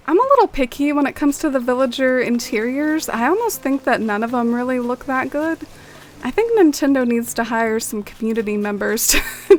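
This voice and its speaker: Chatty streamer woman, higher voice. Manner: friendly, chats with viewers and muses aloud. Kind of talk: casual chat with viewers.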